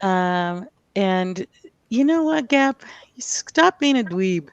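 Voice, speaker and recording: A woman's voice: medium pitch, animated, slow, clean tone, dry recording, dull audio. A woman hosting a casual livestream, chatty and giggly, often losing her place as she reads the chat. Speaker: host.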